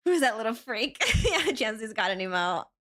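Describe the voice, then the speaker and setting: A young woman from Spain with an American accent chats casually while she draws, laughing between phrases. Her voice sits a little high and swings up and down a lot. Its tone is crisp and bright. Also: very animated, normal speed. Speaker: art streamer. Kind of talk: casual chat while drawing.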